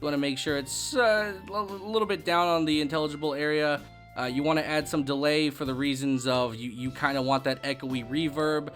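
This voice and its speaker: A young man hosting a casual software tutorial, chatting loosely with lots of swearing and self-mocking asides on a bass-boosted desk microphone. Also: fairly even intonation, a little fast, faint music behind. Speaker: YouTube tutorial host.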